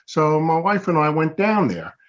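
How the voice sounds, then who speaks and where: A man's voice: on the high side, sing-song, normal speed, muffled recording. Self-deprecating man telling stories on a call. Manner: anecdotal, acts out others' remarks, self-deprecating. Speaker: guest pen maker. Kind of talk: casual interview storytelling. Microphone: video call.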